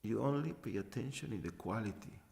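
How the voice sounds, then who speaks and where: A man giving a spiritual talk as a teacher, halting and repeating short phrases for emphasis. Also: on the low side, lively intonation, vocal fry, a little mellow. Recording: long hall reverb.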